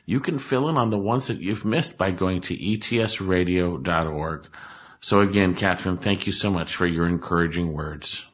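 A man's voice: low voice, fairly bright tone. A male pastor talking in a radio studio, answering listener mail earnestly, on a dull lo-fi recording. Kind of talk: radio program chat.

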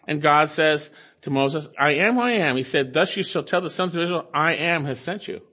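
A man's voice: on the high side, fairly bright tone. A man preaching an expository sermon, emphatic and repeating key phrases for stress.

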